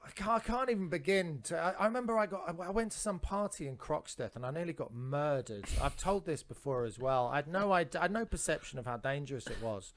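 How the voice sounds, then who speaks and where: A man spins long, tangled anecdotes as a podcast guest. He stumbles and restarts, swears freely and pushes through each story with lively energy. His pitch swings widely as he gets carried away. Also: fast talker, hardly any pauses. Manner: rambling, animated, lots of restarts and swearing. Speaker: comedian guest.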